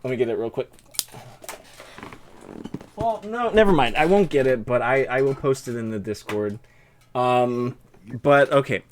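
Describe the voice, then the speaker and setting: Hosting a guest on his stream, this young man speaks with a lisp and wanders through casual chat full of fillers. His voice sits at medium pitch and is expressive, a little slow with frequent pauses, and there's a faint hiss or hum on the recording.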